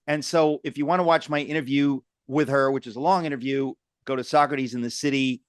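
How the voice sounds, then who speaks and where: A man's voice: mid-range voice, steady tone, fairly quick, dry recording, clean studio sound. A man hosting a conversational interview, exclamatory and speaking directly to his viewers. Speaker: host.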